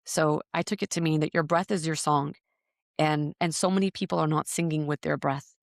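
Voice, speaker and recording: Her voice is low and fairly even in intonation, and she talks briskly. The speaker, a breathwork teacher on a podcast, tells her story earnestly, searching for words and often repeating them in this reflective interview. It's a studio-quality recording without echo.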